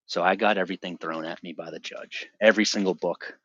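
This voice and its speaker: A man's voice: low voice, steady tone, brisk, a bit bright, dry recording, lo-fi sound. A man in his forties from the Boston area, a podcast guest telling his personal testimony in an intense, emphatic way with frequent restarts. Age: 40s.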